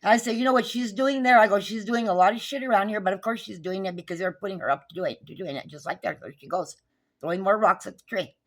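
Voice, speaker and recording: A woman's voice: mid-range voice, fast talker. A woman, recounting a neighbor dispute in an agitated, profane, repetitive rant. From New Mexico. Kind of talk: angry recounting vlog.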